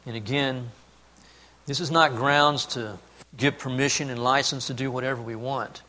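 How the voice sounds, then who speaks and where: A man preaching a sermon, telling a family story and then speaking earnestly and softly about God's love. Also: medium pitch, fairly even intonation, moderate pace, slight background noise. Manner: storytelling, then earnest and hushed on key points. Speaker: pastor.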